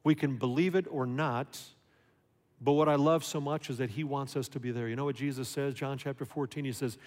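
A man's voice: medium pitch, a little fast. A man preaching a sermon as a pastor, talking conversationally and asking his listeners questions. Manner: conversational, animated, rhetorical questions. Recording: long hall reverb.

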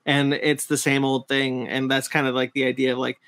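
A man of ordinary pitch chats on a casual podcast. He rambles and restarts his sentences often as he works out his point. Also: flat delivery, a little fast, fairly bright tone. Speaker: podcast co-host. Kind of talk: casual chat.

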